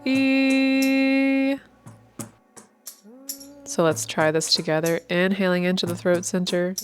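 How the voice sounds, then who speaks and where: A woman leading a guided meditation, giving calm, unhurried, inviting instructions over soft instrumental music. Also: lowish voice.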